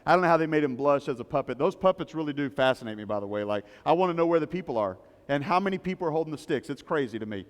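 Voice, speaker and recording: A man's voice: fairly high pitch, animated, rapid-fire, hardly any pauses, big-room sound. A male pastor preaching a sermon, emphatic and repetitive, telling stories to make his points. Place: church service in a large rented hall.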